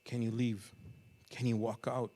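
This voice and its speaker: A man's voice: mid-range voice, little pitch movement, measured pace, mellow. A man preaching a sermon in a church, speaking to listeners as "you" and building to emphatic pleas. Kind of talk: dramatic sermon storytelling. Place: church sanctuary.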